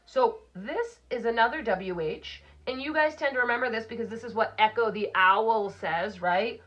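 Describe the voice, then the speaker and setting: A woman teacher giving a recorded phonics lesson for children, slowly sounding out letters and words. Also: on the high side, highs cut off.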